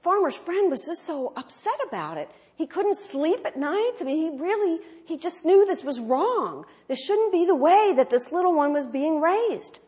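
A woman minister giving a sermon, telling stories and swinging from loud exclamations to hushed tones. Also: very high-pitched, very animated, normal speed, few pauses.

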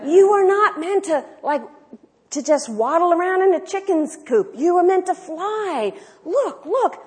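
A woman voicing an excited man who urges a young eagle to fly, calling out in a raised, high voice. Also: unhurried. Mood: urging. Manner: exclamatory, high-pitched urging.

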